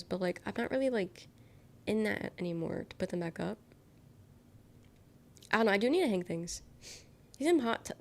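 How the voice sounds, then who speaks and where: A sick young woman with a nasal, congested voice, rambling casually as a livestreamer from her bedroom. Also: medium pitch. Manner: rambling, trailing off, self-correcting. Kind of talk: casual chat. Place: her bedroom with bare walls.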